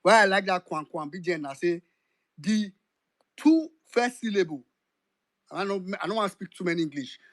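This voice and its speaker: Nigerian host running the chat room, slightly high voice, dry sound. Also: male voice, animated, moderate pace, long pauses, fairly bright tone, dry recording. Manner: directive, code-switching into pidgin. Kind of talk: moderating a political discussion.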